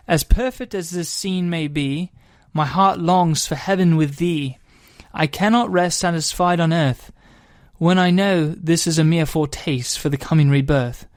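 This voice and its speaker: Man doing a British accent, poem recital, slow and measured, higher voice. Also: no echo, clean studio sound, lightly acted. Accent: put-on British.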